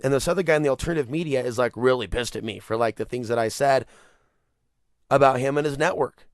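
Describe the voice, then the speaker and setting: A male podcast host rambles through an animated solo rant, swearing and laughing as he goes. His voice sits at an average pitch. The sound is dry, with no room echo. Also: quick pace. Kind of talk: casual monologue rant.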